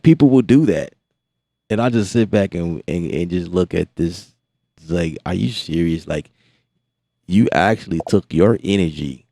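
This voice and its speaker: Deep-voiced American man in casual chat. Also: creaky, no echo, studio quality. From United States. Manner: animated, exasperated, repeats words. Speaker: beat-making livestream host.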